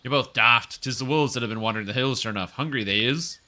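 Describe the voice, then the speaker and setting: A man voicing a rough rural male villager who talks in an exaggerated folksy dialect. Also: medium pitch, racing, sharp tone, lightly acted. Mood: scoffing. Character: rough rustic male villager, blunt and grumbling.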